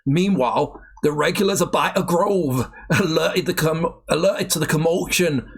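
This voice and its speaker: A man's voice: on the high side, normal speed, husky. A man co-hosting a casual chat, reading aloud and bantering with self-mocking laughs. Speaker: podcast co-host.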